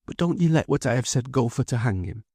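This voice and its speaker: A woman's voice: very deep voice, lively intonation, fast talker, mellow, husky, no room sound, clean studio sound, voice pushed up, exaggerated voice. Storybook figure: a heartbroken old mother with a choking, pleading, raised voice, put on by a male reader. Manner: choking, pleading, broken with emotion. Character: elderly grieving mother pleading for her son.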